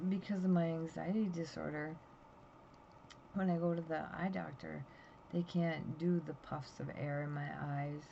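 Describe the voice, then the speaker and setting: Tired woman in her fifties, anxious rambling chat, gravelly voice, dull lo-fi sound. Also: low-pitched, dark tone. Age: 50s. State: tired, yawning. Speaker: vlogger. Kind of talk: casual chat to camera. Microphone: phone camera. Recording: dull lo-fi sound with faint noise.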